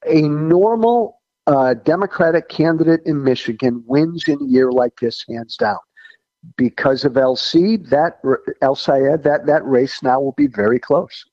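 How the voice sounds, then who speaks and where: A man's voice: fairly high pitch, expressive, a little slow, no room sound, highs cut off. A man who once served in Congress, giving blunt, folksy political opinions in an interview. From Illinois. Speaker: former congressman guest.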